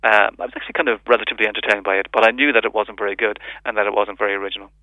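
Fast-talking man on a tinny phone line. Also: on the low side, steady tone, no room sound. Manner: fast, chatty, full of fillers and restarts. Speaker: film reviewer. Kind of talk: casual radio film review. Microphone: phone call into a radio show.

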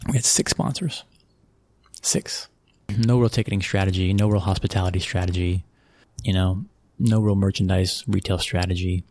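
A man's voice: low-pitched, steady tone, a little fast, a little mellow, no echo. An American man from Texas telling stories in a casual interview, rambling with restarts and frequent chuckles. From Texas, USA. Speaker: interview guest, football club executive.

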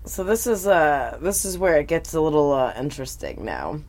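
A podcast host recapping a cartoon in casual chat, blunt and animated with heavy swearing. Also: medium pitch, moderate pace.

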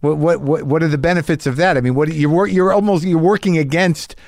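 A man's voice: fairly high pitch, fast talker, gravelly, darkish tone, dry recording, studio quality. An American man hosting a podcast interview, asking probing follow-up questions in casual talk. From United States. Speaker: podcast host.

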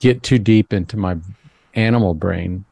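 Deep gravelly man, thoughtful guest. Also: warm tone, no room sound. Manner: thoughtful, measured, self-deprecating. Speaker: psychologist guest. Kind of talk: conversational interview.

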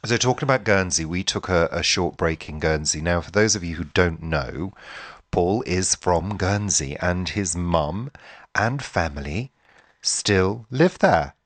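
Deep-voiced, teasing man, dry sound. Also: animated, unhurried, a bit bright, no echo. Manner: teasing, dry and mock-grumpy banter. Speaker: podcast co-host. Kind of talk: casual chat.

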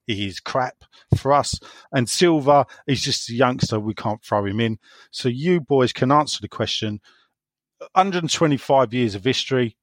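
A blunt, sardonic man hosts a casual fan podcast. His voice swings widely in pitch and sounds close and dry, and he laughs often as he grumbles about his club. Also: dry recording. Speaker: podcast host reading fan messages.

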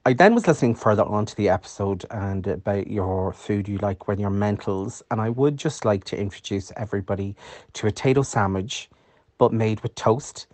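An Irish man leaving a voice message, his voice fairly low and sounding close and dry. He talks in a chatty, mock-outraged way and swears freely. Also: moderate pace, a little mellow, dry recording. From Ireland.

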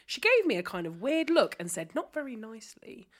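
A woman's voice: fairly high pitch, very animated, fairly quick. A woman co-hosting a podcast, reading a listener's story aloud in casual chat, laughing often and swearing casually.

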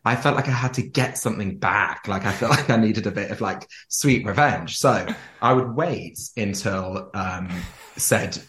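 A camp, animated man from Jersey tells stories as an interview guest, his voice sitting a little low. He laughs often as he talks, and the room around him rings with a noticeable echo. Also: moderate pace, few pauses. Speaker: podcast guest. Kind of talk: casual storytelling interview.

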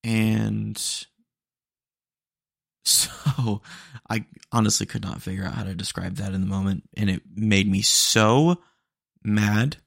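A young man hosting a solo podcast, telling stories in a rambling, animated way with lots of fillers. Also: on the low side, slow pace, creaky, long pauses, dry recording, studio quality. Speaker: podcast host. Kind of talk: casual solo podcast monologue.

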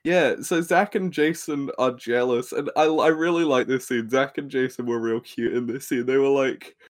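Young man, podcast co-host, casual show recap, laughing, swearing, medium pitch. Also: moderate pace. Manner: laughing, swearing, animated retelling.

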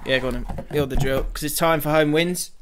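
A man's voice: a little high, steady tone, brisk, noisy background. A young man co-hosting a podcast in casual, jokey banter, swearing freely and laughing often. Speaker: podcast co-host.

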